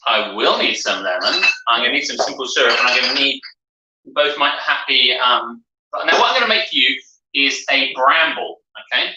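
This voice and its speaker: An English man talks his way through mixing a drink in a loose, rambling style, with a very bright voice and lively pitch. He sits a little back from the mic in a roomy space. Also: recorded from a distance, a little hiss or hum. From England. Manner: chatty, rambling, quick asides. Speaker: co-host making cocktails. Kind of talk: casual live-stream chat while mixing drinks.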